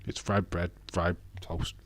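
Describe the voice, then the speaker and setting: A man's voice: low-pitched, level tone, slow pace, dry recording. A British man hosting a livestream, answering his chat in a joking, ranting back-and-forth with laughs. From United Kingdom. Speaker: livestream host. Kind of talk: casual chat answering live chat.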